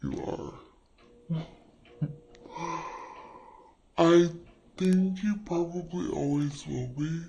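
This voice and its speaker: Guy doing a slowed-down flirty gal fussing over her man, super draggy and gravelly, comedy bit. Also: on the high side, mellow, slight background noise, full character voice, low-quality recording. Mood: doting. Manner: drawn-out, halting and teasing. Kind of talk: slow-motion comedy skit.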